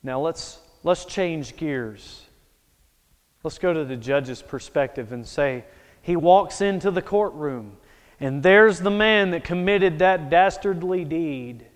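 High-voiced preacher telling a dramatic story. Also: male voice, takes it slowly. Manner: dramatic storytelling, swings from hushed to loud. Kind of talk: sermon. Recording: echoey hall.

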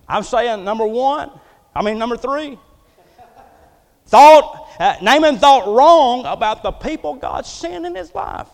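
A man pastoring a church, preaching a folksy sermon, joking and then building to loud passages. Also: very high-pitched, lively intonation, unhurried, gravelly, pauses often, long reverb tail.

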